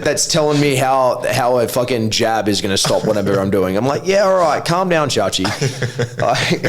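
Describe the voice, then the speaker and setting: An Australian man chatting on a podcast, blunt and full of swearing as he rants about online critics. His voice sits in a middle pitch, and he tells his stories with a lot of animation. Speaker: MMA coach, podcast guest. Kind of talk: casual podcast chat.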